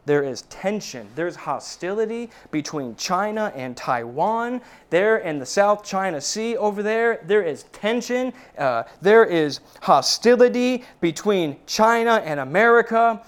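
A man delivers a sermon to his congregation with a fairly high voice. He preaches earnestly, often restarting sentences and doubling words, and calls his listeners brethren. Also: expressive, unhurried, hardly any pauses, clean tone. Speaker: pastor. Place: church service.

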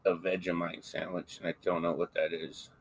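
A man's voice: low voice, flat delivery, moderate pace, vocal fry, breathy edge. A man co-hosting a horror podcast, joking in crude, playful banter. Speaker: podcast co-host. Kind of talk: casual chat.

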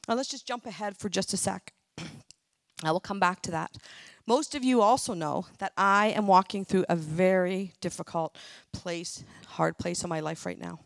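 A middle-aged woman gives a personal testimony at church, earnest, emotional, and tearful at times. Her voice is fairly low and creaky, at a moderate pace, with no room sound.

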